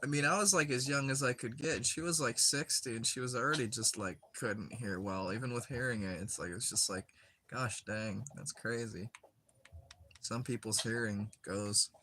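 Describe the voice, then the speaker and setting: Bright-voiced rambling young man gaming. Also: medium pitch, normal speed, a little hiss or hum. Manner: rambling, giggly, full of "like" fillers. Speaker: gaming streamer. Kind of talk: casual chat while playing a game.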